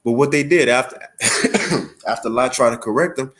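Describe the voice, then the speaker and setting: A man's voice: medium pitch, normal speed, fairly bright tone. A man giving an online religious lesson in a casual, conversational way, with a cough and frequent fillers. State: has a cough. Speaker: religious teacher.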